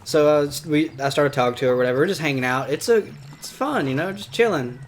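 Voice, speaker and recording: A man's voice: a little high, fast talker, slight background noise. A man co-hosting a gameplay chat, telling a story hesitantly with many ums and restarts.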